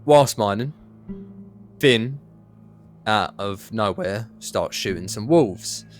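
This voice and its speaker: A man telling a story in character, sweary and animated, laughing through it. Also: fairly low pitch, slow, soft background music.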